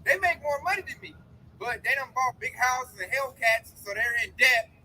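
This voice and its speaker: Casual: guy preaching outside by the road, really high bright voice, animated and cussing, faint traffic behind. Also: moderate pace, rough recording. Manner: animated storytelling with profanity. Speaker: street preacher. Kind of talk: casual chat. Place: outdoors by a road.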